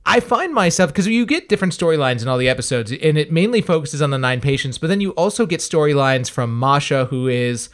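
A man's voice: fairly high pitch, lively intonation, quick pace, few pauses. A man co-hosting a podcast, chatting casually and with lots of energy about a TV show, often restarting his sentences. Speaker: podcast co-host. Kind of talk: casual review chat.

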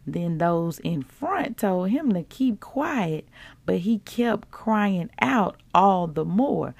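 A woman's voice: medium pitch, expressive, slow pace, gravelly, no echo. A woman hosting a devotional podcast, preaching in a casual, folksy way and reading scripture aloud. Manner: casual, folksy, quotes scripture and acts out complaints. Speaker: podcast host.

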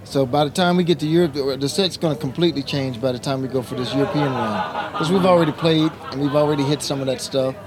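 A man's voice: medium pitch, fast. A man speaking as a guest musician in a casual interview, laid-back, often adding "man". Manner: laid-back, relaxed, peppers speech with "man". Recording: crowd noise behind.

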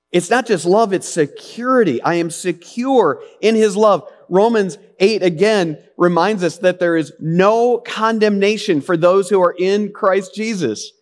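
A middle-aged man preaching a sermon, earnest and conversational, with rhetorical questions and asides. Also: sits high. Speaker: pastor.

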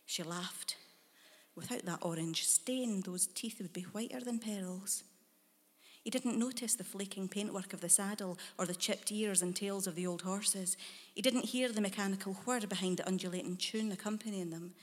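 A woman narrating a dark short story in a measured, hushed storytelling manner. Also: on the low side, long reverb tail.

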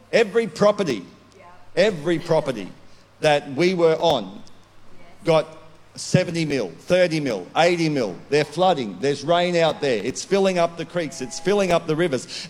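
A man preaching a sermon as a pastor, loud and declaring, swinging from calm talk to shouting. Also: a little high. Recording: long hall reverb.

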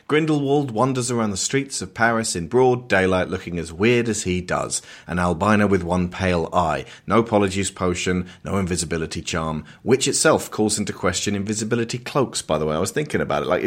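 A man co-hosting a casual film discussion, rambling and jokey with quick asides. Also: lowish voice. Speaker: podcast co-host.

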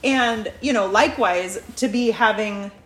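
A woman's voice: mid-range voice, measured pace, a bit bright, reverberant, rough recording. A woman co-hosting a podcast, talking reflectively in long, winding thoughts. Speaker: podcast co-host. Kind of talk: casual chat.

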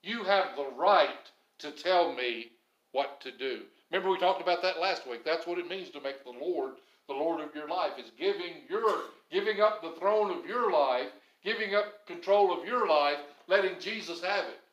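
Male pastor, sermon delivery, emphatic with quiet drops; voice sits a bit high; echoey room. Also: normal speed, dull audio. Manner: emphatic, swings between loud stresses and low quiet phrases.

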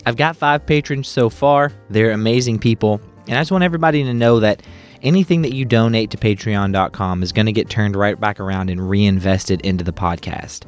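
A man's voice: fairly low pitch, a little fast, few pauses, faint music behind. A young man hosting a podcast, talking candidly to his listeners in a chatty outro. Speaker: podcast host.

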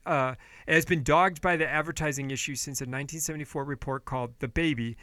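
A fired-up male podcast host with a bright, forceful voice who swears freely. He rails at his listeners, then pulls back to a calmer, apologetic tone. The sound is close and dry, with no room around it. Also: medium pitch, quick pace, dry recording. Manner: heated, profane, swings between yelling and apologetic quiet. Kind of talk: ranting political commentary podcast.

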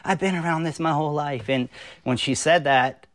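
A man in his forties, a pastor, telling his personal testimony in a podcast interview, earnest and halting with many fillers and restarts. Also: a little high, no room sound.

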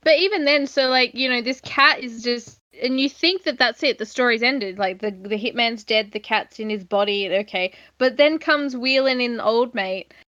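A woman's voice: a little high, normal speed, hardly any pauses, no room sound, highs cut off. A woman, casually retelling a horror film plot with a co-host, chatty and full of fillers. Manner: relaxed, chatty, retells plots with filler words. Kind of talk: casual film review chat.

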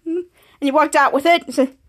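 A woman with a high-pitched voice hosts a casual podcast, walking through a TV episode shot by shot. She rambles and stumbles, restarting phrases and stringing scenes together with a steady "cut to.". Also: brisk. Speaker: podcast host.

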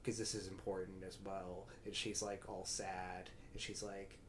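A woman co-hosting a casual chat about a movie, halting and repeating her words. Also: a bass voice, level tone, a little hiss or hum. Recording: echoey room.

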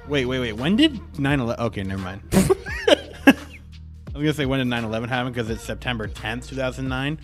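A laid-back man chats on a podcast in a goofy, easygoing way, often laughing. His voice sits at an ordinary pitch. Faint music plays underneath. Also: animated, fast talker, pauses often. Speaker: podcast co-host. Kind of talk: casual chat.

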